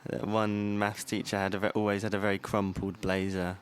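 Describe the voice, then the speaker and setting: A man's voice: fairly low pitch, little pitch movement, a little fast, clean tone. A young man co-hosting a podcast, chatty and swearing freely as he tells stories. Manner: chatty storyteller, swears freely, laughs often. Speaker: podcast co-host. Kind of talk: casual chat.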